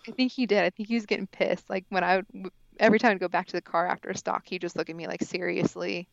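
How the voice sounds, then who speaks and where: A young woman telling a story in a casual, animated way, peppered with "like" and acting out her own thoughts. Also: mid-range voice, very fast, vocal fry, no room sound, dull audio. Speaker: podcast guest, hunter.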